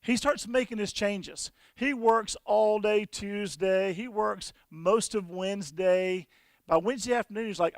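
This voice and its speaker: A man presenting at a conference and demoing software, telling folksy stories with frequent restarts. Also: sits high, normal speed, no echo. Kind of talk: conference talk with software demo.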